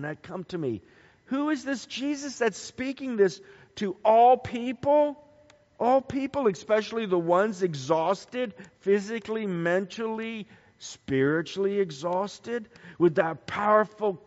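A pastor with a somewhat high voice preaches, spinning stories and hammering home points through repetition. His words ring out with a long reverb, as if in a large sanctuary. The recording itself sounds dull and lo-fi. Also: expressive, unhurried. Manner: storytelling, building emphasis through repetition. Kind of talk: sermon.

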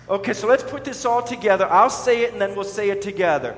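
A pastor giving a sermon, leading his listeners to repeat words after him in a slow, deliberate, emphatic way. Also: sits high, animated, fairly bright tone, slight background noise. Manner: leads the listeners in call-and-response pronunciation. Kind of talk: sermon teaching with congregation repetition. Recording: echoey hall with long reverb.

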